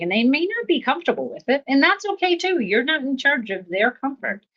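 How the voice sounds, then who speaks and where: A woman hosting a self-help podcast, talking calmly about pausing before reacting, with steady, repeating coaching phrases and soft laughs. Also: high-pitched, dull audio. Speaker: podcast host. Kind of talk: reflective self-help talk.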